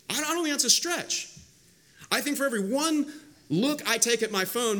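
A man with a fairly high voice delivers an earnest church sermon as the pastor. He speeds up for stories and slows right down to dwell on key words. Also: fairly bright tone. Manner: earnest, varies pace, slows to stress words. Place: church sanctuary.

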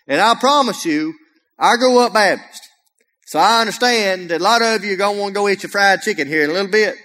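A guest preacher with an Alabama Southern accent gives a folksy, joking sermon, energetic and frequently loud. His fairly high voice is quick, bright, and forceful, and it rings with the long reverb of a church sanctuary.

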